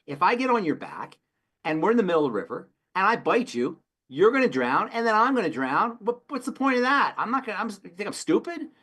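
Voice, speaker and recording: A man voicing a scorpion and a frog in a fable, in a high squeaky indignant voice. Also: sing-song, brisk, bright, forceful tone, husky, heavily acted.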